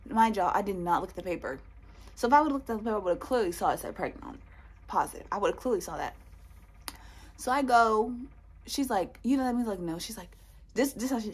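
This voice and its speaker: A young woman vlogger with a husky, mid-range voice speaks fairly quickly as she tells a personal story. She's animated, acting out the voices and lines of the people involved.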